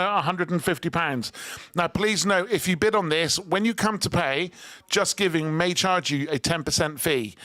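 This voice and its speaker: A man hosting a live charity auction on the radio, pitching lots with quick, jokey salesman patter. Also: pushed and bright, no room sound.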